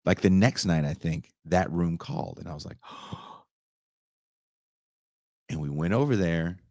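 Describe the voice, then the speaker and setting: A man on a podcast telling a story casually, animated and profane, often leaping up in pitch for emphasis. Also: measured pace, dry recording, clean studio sound. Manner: animated, profane, jumps into high voices for emphasis.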